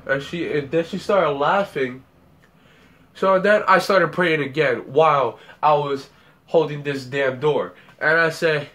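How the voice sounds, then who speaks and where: A man's voice: fairly high pitch, normal speed, fairly bright tone. A young man telling a story about a dream in a rambling way, repeating words and acting out the scenes. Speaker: vlogger.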